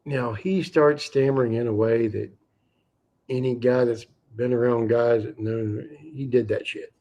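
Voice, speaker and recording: A man hosting a livestream, telling a fishing story in a casual, animated and profane way. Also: mid-range voice, measured pace, muffled recording. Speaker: livestream host.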